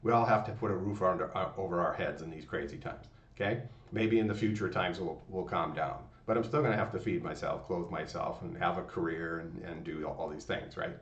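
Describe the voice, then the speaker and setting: A man's voice: low voice, fairly quick. A man hosting a motivational channel, giving a rambling, folksy pep talk full of fillers and restarts. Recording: distant, roomy, dull lo-fi sound.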